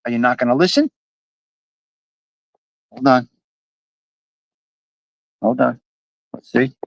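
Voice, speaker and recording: A man's voice: mid-range voice, slow pace, gravelly, no echo, highs cut off. A man hosting a live stream from his apartment, swaggering and profane, repeating lines for emphasis. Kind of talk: brash casual live-stream chat.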